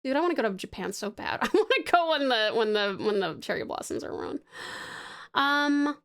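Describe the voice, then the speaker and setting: Bubbly high-voiced Australian woman streamer. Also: big pitch swings, fairly quick. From Tasmania, Australia. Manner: bubbly and affectionate, swears freely, laughs often; chatty, rambling while sketching. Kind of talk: casual live-stream chat.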